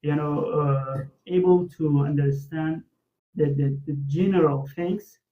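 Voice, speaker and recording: A man's voice: a little high, takes it slowly. Hesitant man on a tinny line. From Afghanistan. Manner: hesitant, many fillers. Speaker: interview host. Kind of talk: interview questions.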